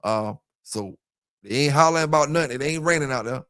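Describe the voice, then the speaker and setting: Over a headset with earphones, a man runs a casual livestream for his dog kennel channel, rambling and addressing listeners directly. His slightly high voice moves a little fast with a fairly bright, clean tone. The recording is dry and studio quality.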